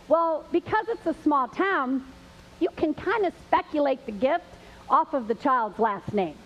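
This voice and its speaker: A woman's voice: high voice, lively intonation, moderate pace. A woman hosting a live church show, chatty and laughing, a little nervous as she tells a story. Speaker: host. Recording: dull lo-fi with faint hiss.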